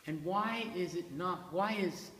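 A man leading a classroom poetry discussion, quizzing students with a lively, playful manner. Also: sits high, measured pace. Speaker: seminar leader. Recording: echoey room from a distance, faint hiss.

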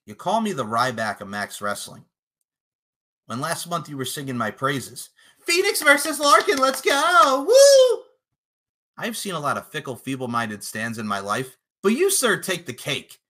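A man cutting a boastful, profane wrestling trash-talk promo, taunting his opponent and breaking into shouted lines. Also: a little high. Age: adult, podcasting eight years. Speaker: podcast promo contestant.

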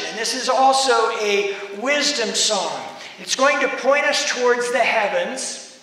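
American pastor preaching in an echoey hall. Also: male voice, high voice. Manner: animated, acts out voices in the text. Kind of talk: sermon with scripture reading. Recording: echoey hall, mic from far off.

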